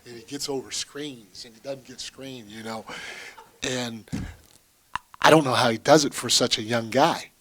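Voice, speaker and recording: Guy coaching basketball, rambling candid chat at a presser, middle pitch, dry close sound. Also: measured pace, fairly bright tone, dry recording. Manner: candid, rambling, chatty with laughs. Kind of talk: post-game press conference answer.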